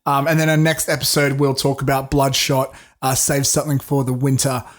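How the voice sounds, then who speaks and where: A man's voice: mid-range voice, flat delivery, fairly quick. A man co-hosting a film podcast, talking in a rambling, jokey way with plenty of fillers. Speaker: podcast co-host. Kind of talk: casual film podcast chat.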